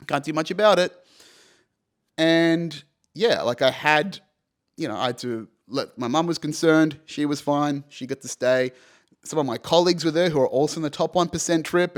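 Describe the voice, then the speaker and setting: A young man hosting a podcast, telling a personal story casually and animatedly, swearing freely and saying "you know" and "right" often. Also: fairly high pitch. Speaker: podcast host.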